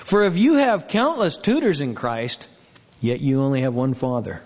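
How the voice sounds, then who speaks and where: A pastor preaching a sermon, emphatic, asking rhetorical questions and slowing down to dwell on scripture quotes. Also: male voice, medium pitch, lively intonation, darkish tone. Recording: reverberant, dull lo-fi sound.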